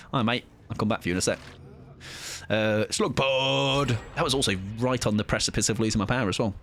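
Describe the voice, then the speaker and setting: A man's voice: fairly low pitch, expressive, fast talker, pauses often, slight background noise. Chatty man streaming a game. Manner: chatty, joking, swears casually, mock-villainous taunts. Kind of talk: live gameplay commentary.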